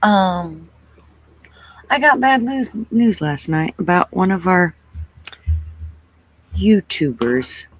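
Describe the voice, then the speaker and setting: A host chatting casually on a livestream, relaxed and greeting viewers one by one by name. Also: medium pitch, slow pace, long pauses, no room sound, poor audio.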